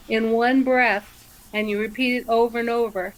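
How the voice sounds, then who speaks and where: A woman's voice: on the high side, fairly even intonation, normal speed. An older woman reverend giving spiritual readings and telling a story in a chatty, reassuring way, often restarting her words.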